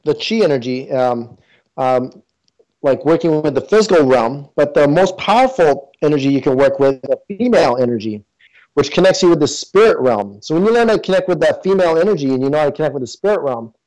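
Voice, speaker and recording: Man, slightly raised pitch, casual earnest interview talk, lots of ums and restarts. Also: a little mellow, low-quality recording. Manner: earnest, with many fillers and restarts. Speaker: guest. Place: in Toronto.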